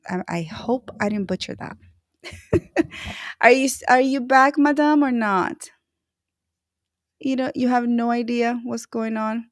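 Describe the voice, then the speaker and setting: A woman hosting a casual livestream, giving bubbly, effusive shout-outs to viewers. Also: mid-range voice, no room sound, clean studio sound. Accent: Latina-flavored American English. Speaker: livestream host.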